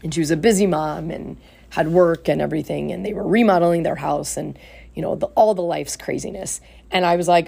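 A woman's voice: sits low, fairly quick, vocal fry, dark tone, slightly rough. A woman life coach and podcast host telling a client story in a casual, earnest way. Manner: earnest, retells conversations with acted quotes.

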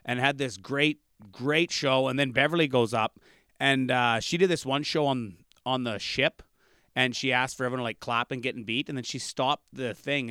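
Bright, crisp-voiced comedian. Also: male voice, mid-range voice, normal speed, dry recording, studio quality. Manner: rambling, animated storytelling with restarts. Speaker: comedian guest. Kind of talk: casual storytelling chat.

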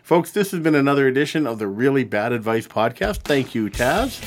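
A man's voice: mid-range voice, expressive, brisk, music in the background. A man hosting a comedy advice podcast, joking with his guests and wrapping up the show. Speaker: podcast host.

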